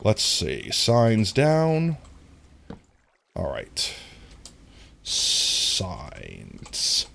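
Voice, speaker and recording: Lively, low-voiced nasal male streamer. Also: unhurried, slight background noise. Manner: chatty, talks to viewers while playing. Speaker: livestreamer. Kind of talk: casual game-stream chat.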